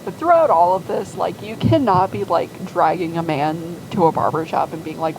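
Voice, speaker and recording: A woman's voice: fairly low pitch, moderate pace, hardly any pauses, darkish tone, a little hiss or hum, low-quality recording. A woman casually and enthusiastically rambling through her fan-made story timeline with lots of fillers.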